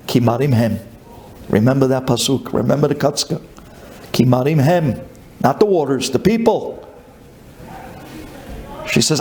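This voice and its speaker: A man's voice: mid-range voice, measured pace, long pauses, darkish tone. A male rabbi giving a storytelling sermon, emphatic and repeating key phrases. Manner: emphatic, rhetorical questions, repetition.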